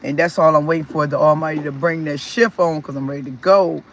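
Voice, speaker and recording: A man with a gravelly voice, a touch higher than most, telling his story straight to the camera. He rambles, restarts and repeats himself, and his voice rises and drops with feeling. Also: fast, a little hiss or hum. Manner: rambling, repeats words and restarts, expressive swings. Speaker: vlogger. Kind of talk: casual personal storytelling.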